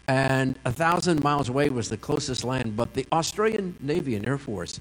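A man's voice: mid-range voice, animated, normal speed. A man preaching a sermon as pastor, telling stories and asking repeated rhetorical questions. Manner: storytelling with a joking aside and repeated rhetorical questions. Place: church sanctuary. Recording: long reverb of a large hall.

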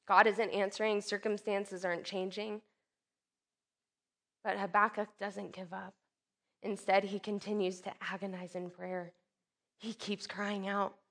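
Expressive woman preaching a sermon. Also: mid-range voice, a little slow, long pauses. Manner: expressive, swings from loud emphatic to soft hushed; acts out quoted speech with sudden bursts.

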